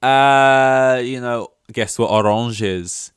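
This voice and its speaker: Rambling young man, smooth voice. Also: on the low side, moderate pace, no echo, clean studio sound. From London. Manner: rambling, self-deprecating, many fillers and restarts. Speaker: podcast host. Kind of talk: casual solo chat.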